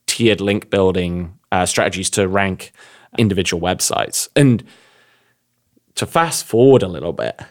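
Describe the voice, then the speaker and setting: A young man with an English accent, co-hosting a casual podcast and telling stories in a rambling, animated way. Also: low-pitched. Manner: rambling, animated storytelling with quick asides. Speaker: podcast co-host.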